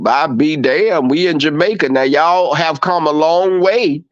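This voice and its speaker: High-voiced man on a dull lo-fi stream. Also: unhurried. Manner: profane, animated storytelling; acts out quoted exchanges. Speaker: livestream host. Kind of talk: casual chat with viewers.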